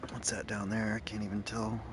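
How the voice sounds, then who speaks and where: A man's voice: lowish voice, little pitch movement, fairly quick, background noise. A man casually thinking aloud and rambling while playing a driving game. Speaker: gaming channel host. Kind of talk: casual gameplay commentary.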